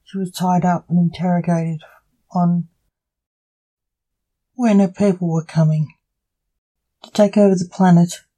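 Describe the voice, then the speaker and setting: A narrator reading a fan story aloud in slow, halting phrases. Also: mid-range voice, little pitch movement, warm tone, poor audio.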